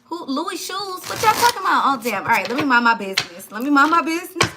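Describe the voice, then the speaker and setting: A woman's voice: high voice, very animated, fast talker, very noisy. A woman giving a live tarot reading, chatty and blunt, talking straight to her viewers. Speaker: tarot reader.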